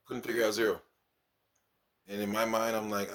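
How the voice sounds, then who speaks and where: A man's voice: on the low side, very slow, pauses often. A man, a kindergarten teacher, telling stories from his class in a casual vlog and acting out his pupils. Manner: animated, acts out his pupils.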